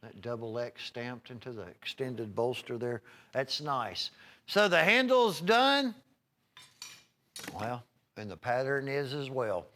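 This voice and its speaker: A man's voice: medium pitch, sing-song, slow pace, a bit bright, a little hiss or hum. A man hosting a live home shopping broadcast, chatting in a folksy, rambling way while reeling off prices and item numbers. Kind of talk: live televised sales pitch.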